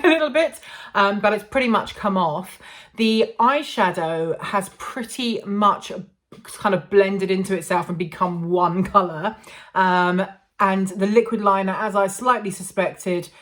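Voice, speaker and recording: A woman, chatting to camera in a casual make-up review, self-amused and full of ums. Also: mid-range voice. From England. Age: 40s. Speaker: beauty vlogger.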